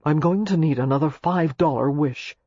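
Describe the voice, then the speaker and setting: A narrator voicing a troubled young American man in an audiobook, speaking quietly and hoarsely. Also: mid-range voice, normal speed, dry recording, dull audio, lightly acted. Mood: subdued. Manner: quiet and subdued. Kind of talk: audiobook character reading.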